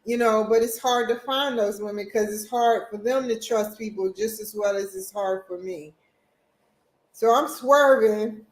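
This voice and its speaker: Woman vlogger, fairly high voice, slow and halting personal storytelling, roomy echo. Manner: halting, repetitive, emotional retelling with restarts. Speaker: vlog host.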